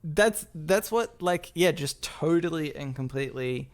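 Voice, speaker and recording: A man's voice: on the high side, lively intonation, unhurried. A man co-hosting a podcast in casual chat, rambling and poking fun at himself as he laughs. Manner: rambling, self-mocking, laughs often. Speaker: podcast co-host.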